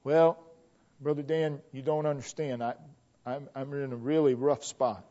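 A man's voice: mid-range voice, level tone, mellow, close to an everyday voice. A man preaching, putting on a worried male churchgoer who stammers and pleads hardship. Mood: pleading. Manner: halting, stammering. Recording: dull lo-fi recording.

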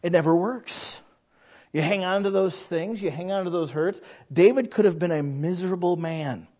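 A man's voice: sits high, normal speed. A man in his thirties preaching a sermon, telling stories and acting out the voices of the people in them. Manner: animated storyteller who acts out quoted voices. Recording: slightly dull lo-fi sound.

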